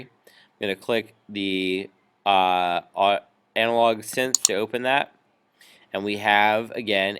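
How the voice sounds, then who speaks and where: A man teaching a music software tutorial, explaining each step patiently with frequent ums. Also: on the low side, noisy background. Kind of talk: screen-recorded software tutorial.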